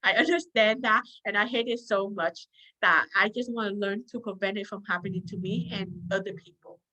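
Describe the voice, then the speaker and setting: Brisk and pushed, with a bright mid-range voice, this workshop leader comes through on poor audio. Running a self-help session, she speaks earnestly, repeats her points, and keeps asking "okay?" to check in with listeners.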